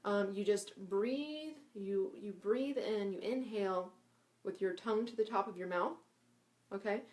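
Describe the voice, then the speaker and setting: A woman's voice: mid-range voice, a little slow, darkish tone. Chatty woman teaching breathing exercises. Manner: chatty, often checks in with 'right?' and 'okay?'; demonstrates breathy 'ha' sounds and chants. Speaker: spiritual teacher. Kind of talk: casual live instructional talk.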